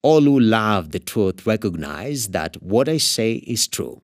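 A man reading aloud as a calm, solemn male teacher, speaking in a measured way. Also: fairly low pitch, no room sound, clean studio sound.

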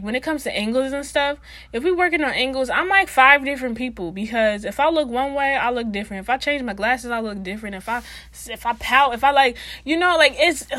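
A woman's voice: on the high side, no room sound. Chatty young woman, dry close sound. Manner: chatty, animated, slangy, many fillers. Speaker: vlogger. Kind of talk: casual talk to camera.

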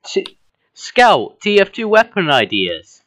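A man's voice: high-pitched, wildly swooping pitch, slow pace, fairly bright tone, no echo, studio quality. A young man hosting a casual podcast on a voice call, cracking jokes and dropping his voice for punchlines. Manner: jokey, drops his voice for punchlines. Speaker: podcast host. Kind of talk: casual chat.

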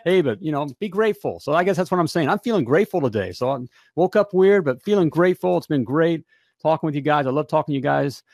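A man's voice: fairly high pitch, expressive, fast, a little mellow, no echo. An American man hosting a live podcast, chatting in an upbeat, folksy way and repeating himself often. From United States. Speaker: podcast host. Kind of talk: upbeat live show chat.

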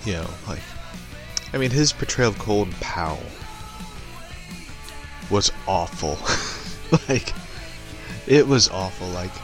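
A man's voice: sits low, lively intonation, slow pace, pauses often, over music. A young man giving a rambling, profane opinion rant and chuckling between remarks. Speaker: online commentator.

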